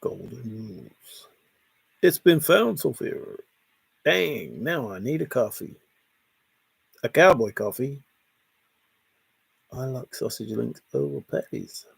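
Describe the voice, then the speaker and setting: Male livestream host, gravelly and husky, slow and playful, reading chat comments aloud. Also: medium pitch, big pitch swings, no room sound. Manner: reads viewer comments aloud and answers them playfully. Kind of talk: casual late-night livestream chat.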